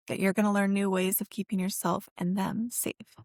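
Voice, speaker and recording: A woman's voice: mid-range voice, flat delivery, a little slow, dry recording, clean studio sound. A woman therapist hosting her own self-help podcast. She talks directly to the listener in an earnest, encouraging, emotionally open way.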